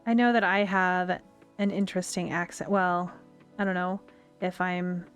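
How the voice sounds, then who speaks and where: A woman's voice: lowish voice, level tone, unhurried, clear, resonant tone. Woman, Western US twang, casual streamer chat, meandering, faint game music. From United States. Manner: chatty, rambling storyteller.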